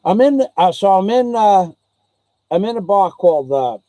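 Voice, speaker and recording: A man's voice: sits high, very animated, moderate pace, warm tone, no echo. Rambling older New man. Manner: rambling, repeats himself, mimics others' voices in anecdotes. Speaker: channel host. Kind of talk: rambling storytelling chat.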